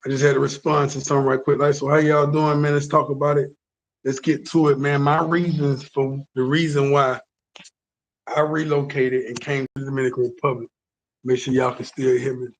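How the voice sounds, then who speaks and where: A man from the United States with a deep voice, talking casually and emphatically to his viewers, often repeating words and asking if they understand. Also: flat delivery, brisk. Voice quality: deep, bassy voice. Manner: emphatic, repeats words, stops for "you understand what I'm saying". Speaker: vlogger.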